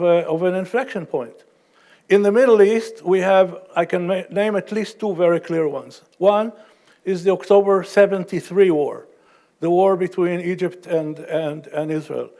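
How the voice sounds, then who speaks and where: High-pitched man giving a panel talk. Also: mellow. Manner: wry, then measured and explanatory with frequent restarts. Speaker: panelist and professor. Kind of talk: panel talk at a university event. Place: university event hall.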